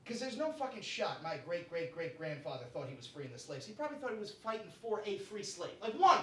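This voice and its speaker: A man's voice: high voice, big pitch swings, fairly quick, slight background noise. A man performing a live stand-up set in a comedy club, brash and profane, tagging his lines with "right?" and "you know?". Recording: echoey club room from far off.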